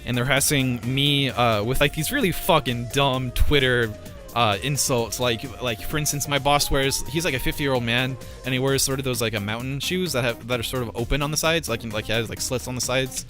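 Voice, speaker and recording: A young man with a bright, forceful voice tells a rambling storytime, stumbling over fillers and swearing in frustration. Soft music sits quietly under him. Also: mid-range voice, fairly quick. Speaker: vlogger. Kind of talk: casual storytime rant.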